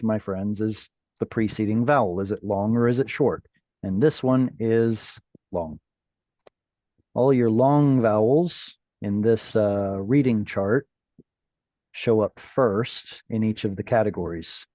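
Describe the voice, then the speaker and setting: Dark-voiced man teaching on a call. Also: lowish voice, slow pace, no echo, studio quality. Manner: patient, explanatory, quizzes students. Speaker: Hebrew teacher. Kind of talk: online class teaching. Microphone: video call.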